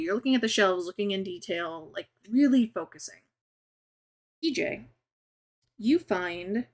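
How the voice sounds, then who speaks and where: A woman game master talking through a tabletop game at an unhurried pace. Her voice sits in an ordinary middle register, chatty and easygoing. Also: medium pitch. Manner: relaxed, chatty, lots of fillers.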